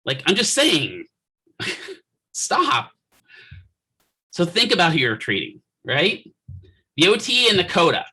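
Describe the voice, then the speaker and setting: A man lectures from his office with a bright, forceful edge to his voice and a fairly high pitch for a man. He keeps it conversational, tossing in jokes and asking "right?" to keep the class with him. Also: slightly rough, low-quality recording. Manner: joking, conversational, rhetorical "right?" checks. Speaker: physical therapy instructor.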